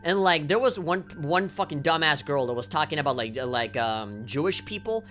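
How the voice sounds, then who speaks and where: A woman's voice: deep voice, animated, moderate pace, a bit bright, soft background music. A woman game streamer ranting on a livestream, swearing often and heated, with lots of fillers.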